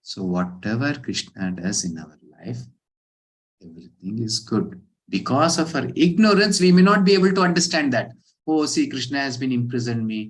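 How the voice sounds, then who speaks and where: A man giving a scripture class, telling a parable in an animated way and acting out the characters' lines. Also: mid-range voice, normal speed, poor audio. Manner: animated storyteller, acts out quoted characters. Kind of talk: storytelling sermon.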